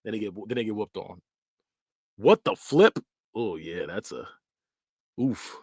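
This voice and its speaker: A man's voice: on the low side, very animated, unhurried, slightly rough, dry recording, clean studio sound. A man hosting a podcast, giving casual, joking reaction commentary and laughing often. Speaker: podcast host.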